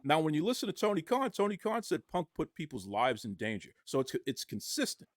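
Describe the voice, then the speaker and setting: A man giving impassioned podcast commentary, arguing forcefully and firing off rhetorical questions. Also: a little high, huge pitch swings, brisk, dry recording, clean studio sound.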